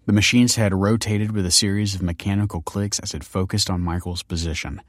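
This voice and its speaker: A man narrating an audiobook in a steady, measured way. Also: lowish voice, no room sound, clean studio sound.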